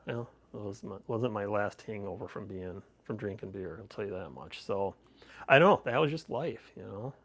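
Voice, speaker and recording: Speaking in an expressive, lowish, slightly rough voice at a moderate pace, a middle-aged man shares meandering personal anecdotes on a podcast, as host and guest. He restarts often and laughs a lot during the casual interview.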